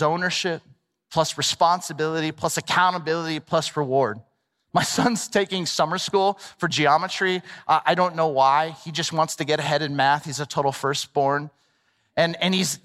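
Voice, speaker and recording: A middle-aged male pastor preaching a sermon in a lively, conversational way with playful asides. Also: fairly high pitch. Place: large church hall. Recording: long reverb of a large hall.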